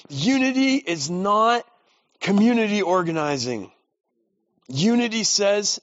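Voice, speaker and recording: A man's voice: medium pitch, measured pace, a bit bright, no room sound. A man preaching in a casual, storytelling way, with self-deprecating asides. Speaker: pastor. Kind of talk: sermon. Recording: dull lo-fi dry recording.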